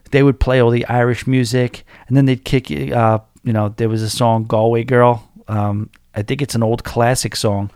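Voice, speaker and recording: A man's voice: mid-range voice, darkish tone, clean tone, no echo, clean studio sound. A man in his forties with a New York accent, hosting a podcast and rambling through a casual story with many restarts. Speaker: podcast host.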